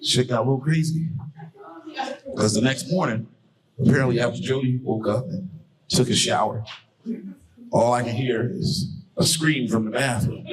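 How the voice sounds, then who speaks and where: Loud, profane man doing stand-up. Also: medium pitch, normal speed, long pauses, poor audio. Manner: loud, profane, crowd-baiting storytelling. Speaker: stand-up comedian. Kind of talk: stand-up comedy set. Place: comedy stage before a live audience. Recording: live crowd laughter and applause. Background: audience laughing and clapping.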